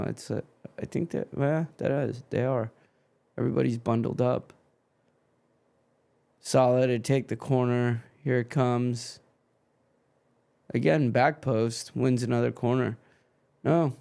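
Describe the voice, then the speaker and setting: Brief: man, livestream football host, slow and drawn-out, smooth clear voice, profane griping between play calls. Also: mid-range voice, dark tone. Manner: swearing, grumbling over a freezing stream. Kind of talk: live-stream commentary.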